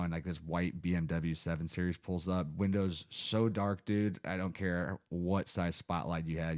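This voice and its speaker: This podcast host, an Ohio man in his thirties, has a low, darkish voice; he tells rambling stories in a casual, heavily profane chat.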